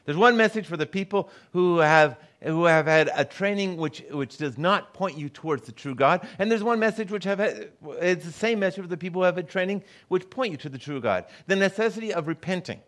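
A man's voice: sits high, lively intonation, brisk, few pauses, fairly bright tone. A middle-aged man preaching a sermon as a guest pastor, telling stories and acting out the people he quotes. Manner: storytelling, acts out the voices of people he quotes.

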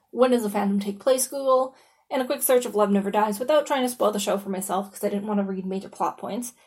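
A woman hosts a podcast on her own in a loose, conversational way. She keeps dropping in "you know" and "like", and she swears casually as she goes. Her voice sits at a middling pitch for a woman. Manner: chatty and informal, lots of "you know" and "like", swears freely. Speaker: podcast host.

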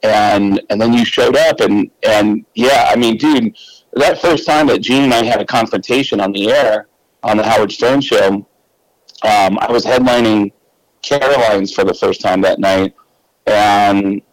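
A man's voice: on the low side, unhurried, no echo, poor audio. A male comedian guest telling loose, casual anecdotes, swearing freely and laughing between lines.

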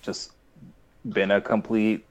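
Young male co-host, low-pitched, rambling and animated. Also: slow pace. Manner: rambling, animated, acts out quoted lines. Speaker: podcast co-host. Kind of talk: casual chat recapping a cartoon.

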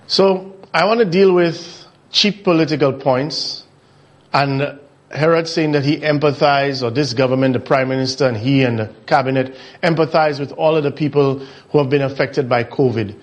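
A man's voice: mid-range voice, normal speed. A man hosting a political commentary show, mocking and full of rhetorical questions. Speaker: talk show host.

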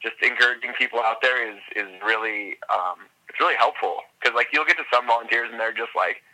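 A man's voice: mid-range voice, brisk, bright, forceful tone, rough recording. A man talking as a guest on a podcast, chatty and upbeat, filling his sentences with "like" and "you know". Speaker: podcast guest, endurance runner. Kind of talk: casual interview chat.

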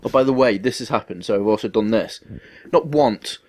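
A man's voice: on the low side, a little fast. Man ranting through a story. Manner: swearing, ranting anecdote with acted-out quotes. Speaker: podcast co-host. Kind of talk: casual chat.

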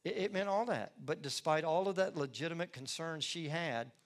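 A middle-aged male pastor delivers a sermon with a slightly high, expressive voice, telling stories and acting out the scenes as he goes. His delivery is lively, with rising and falling emphasis. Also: normal speed. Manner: expressive, storytelling, acts out scenes. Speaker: lead pastor.

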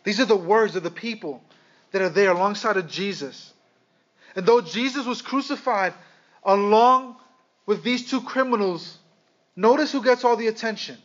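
A man preaching a sermon, speaking with dramatic pauses and calling his listeners "guys". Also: high-pitched, a bit bright. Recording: slightly dull lo-fi sound.

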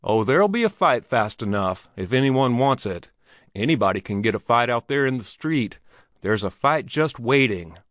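A man's voice: medium pitch, lively intonation, normal speed, fairly bright tone, dry recording, clean studio sound, natural voice. A man voicing an urgent young man who brings a warning in an old Western story. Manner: urgent and emphatic.

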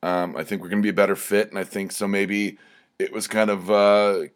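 A man's voice: on the low side, little pitch movement, a little fast. A young man hosting a podcast, telling a rambling personal story in a self-deprecating, digressive way with many restarts.

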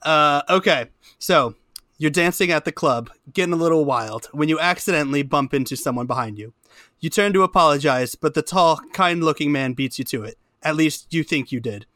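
A man's voice: on the high side, no echo, studio quality. A man co-hosting a podcast, chatting animatedly and reading a short silly story. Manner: animated, laughs often. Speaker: podcast co-host. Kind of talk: casual chat and storytelling.

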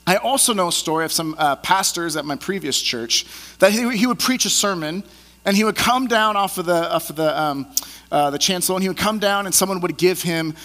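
A man preaching a sermon in a relaxed, conversational way, animated as he acts out the people in his stories. His voice sits a bit high and sounds bright and forceful. A long reverb hangs around every phrase, as if he is in a large church sanctuary. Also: brisk. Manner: animated storyteller acting out scenes. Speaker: pastor.

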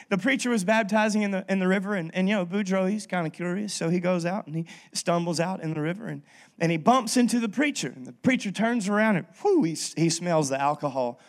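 A man preaching a sermon in a notably high voice. He keeps it humorous and chatty, often restarting his sentences. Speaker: pastor.

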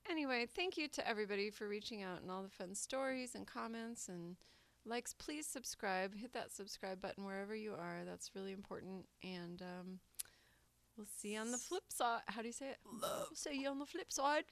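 A woman's voice: mid-range voice, fairly quick, vocal fry, no room sound. A woman co-hosting a podcast in casual chat, upbeat, bubbly and a little rambling. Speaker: podcast co-host.

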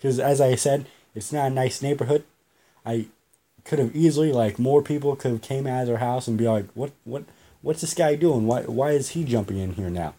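Guy hosting a podcast, kinda raspy, dark mellow tone, rambling story with lots of swearing. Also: mid-range voice. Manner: rambling, repeats himself, swears freely. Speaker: podcast host. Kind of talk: casual storytelling monologue.

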